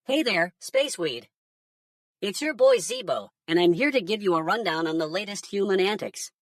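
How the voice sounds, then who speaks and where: A woman's voice: medium pitch, animated, normal speed, no room sound, studio quality, far from the mic, natural voice. A woman voicing a laid-back male alien pundit who curses and mocks humans in synthetic news commentary. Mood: mocking. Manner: cursing, mocking, stoner-casual.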